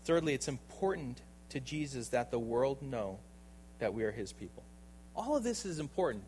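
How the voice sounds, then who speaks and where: A man preaching a sermon as pastor, emphatic and full of rhetorical questions, often checking in with his listeners by asking "right?". He swings between loud bursts and soft, low asides. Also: sing-song, moderate pace, slight background noise, low-quality recording.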